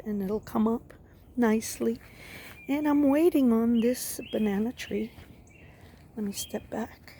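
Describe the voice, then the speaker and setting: A woman's voice: fairly high pitch, vocal fry, dark tone, a little hiss or hum. A woman giving a rambling, casual tour of her backyard garden outdoors, filming on a phone as she walks. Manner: chatty, rambling, many ums and restarts.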